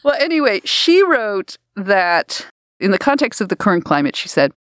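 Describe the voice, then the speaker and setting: A woman co-hosting a podcast, telling stories in a casual, animated way and laughing often. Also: mid-range voice, normal speed, smooth, no room sound, studio quality. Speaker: podcast co-host. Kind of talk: casual chat.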